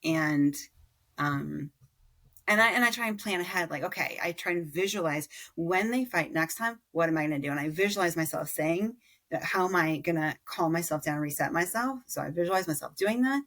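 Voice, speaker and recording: Low, gravelly-voiced woman guest. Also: a bit bright. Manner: reflective, halting, with frequent self-corrections. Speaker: podcast guest, parent. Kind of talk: casual conversational interview.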